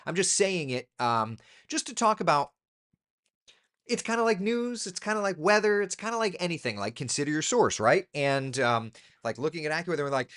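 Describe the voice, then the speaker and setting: A man hosting a casual live chat as a meteorologist, reading viewer comments and giving opinions. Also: fairly bright tone. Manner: pitch swings up sharply when making a point.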